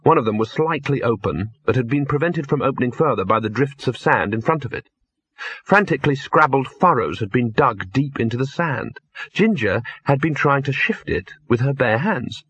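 A man narrating an audiobook in a steady, dry storytelling manner. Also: mid-range voice, moderate pace, slightly rough, dry recording. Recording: dull lo-fi dry recording.

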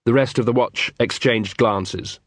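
A man giving scripted audiobook narration in a measured storytelling manner. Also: mid-range voice, dry recording.

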